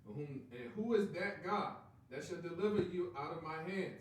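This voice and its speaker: A man reading old-style Bible verses aloud, verse by verse, with a fairly high voice. He sits well back from the microphone in a heavily echoing room, so the words sound distant and washed. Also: animated, normal speed. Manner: reads steadily, announces verse numbers. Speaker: scripture reader. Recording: very echoey room, far from mic.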